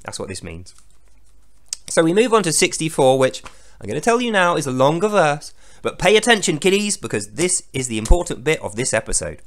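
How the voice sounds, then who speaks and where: Sweary sarcastic guy doing a mocking scripture commentary, voice bouncing all over, a bit high. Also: big pitch swings, fairly quick. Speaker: host.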